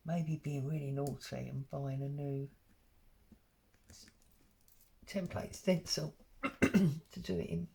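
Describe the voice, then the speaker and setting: A woman's voice: low-pitched, steady tone, slow, creaky, pauses often, mellow. A woman talking casually and rambling as she works on an embroidery project, with plenty of ums. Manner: rambling and chatty, with frequent ums. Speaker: craft vlogger. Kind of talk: casual stitch-along chat.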